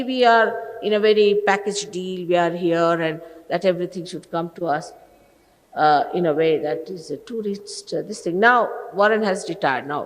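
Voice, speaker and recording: On an archival talk recording, a woman in her sixties with a lowish voice, a spiritual teacher, sternly scolds a gathering of followers with exasperated rhetorical questions. The recording is rough, with a long reverb tail.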